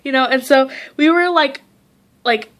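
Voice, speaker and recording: A teenage girl vlogging casually, rambling through a story with lots of "like" and quoting people in lively voices. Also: high-pitched, measured pace. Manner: heavy use of "like".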